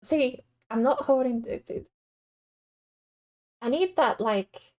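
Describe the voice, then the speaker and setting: Mellow-voiced woman streamer rambling aloud. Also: high-pitched, expressive, takes it slowly. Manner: rambling, self-deprecating thinking aloud. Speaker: game streamer. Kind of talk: casual livestream commentary.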